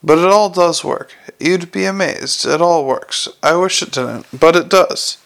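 A man voicing a cheerful, calm and earnest young male watchman in an audiobook. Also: a little high, unhurried, gravelly.

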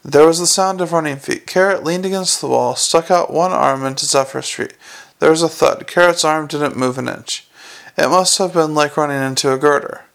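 A man narrating a comic fantasy novel in a dry, measured way. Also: a little high, vocal fry, a bit bright. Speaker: audiobook narrator. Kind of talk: scripted narration.

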